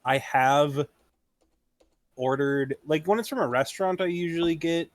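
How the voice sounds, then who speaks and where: A man's voice: on the high side, unhurried, no room sound. Laid-back man telling stories, dry sound. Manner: laid-back storytelling with casual swearing. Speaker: podcast co-host. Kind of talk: casual chat.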